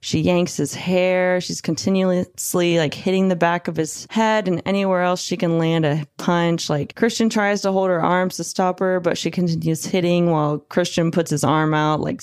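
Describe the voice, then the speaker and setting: A woman's voice: lowish voice, steady tone, normal speed, few pauses, darkish tone, smooth, dry recording, clean studio sound. Blunt, indignant woman telling a true-crime story. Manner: blunt, indignant commentary with casual fillers. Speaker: podcast host.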